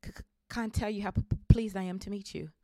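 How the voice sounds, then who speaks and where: A woman's voice: mid-range voice, fast talker, mellow, dry recording, studio quality, voice pushed up, lightly acted. A pale, jittery young man who trips over his consonants in a nervous stammer, voiced by a woman reading aloud. His delivery is hesitant and shaky throughout.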